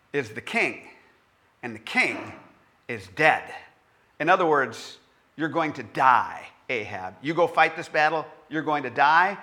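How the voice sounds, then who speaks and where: Male preacher, conversational and animated, bright forward voice. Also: medium pitch. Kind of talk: sermon with scripture reading.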